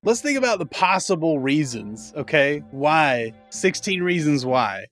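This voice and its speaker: A man's voice: fairly high pitch, sing-song, measured pace, fairly bright tone, soft background music. A man ranting through a sarcastic, profane comedic anime review, exasperated. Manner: acts out characters in mocking voices.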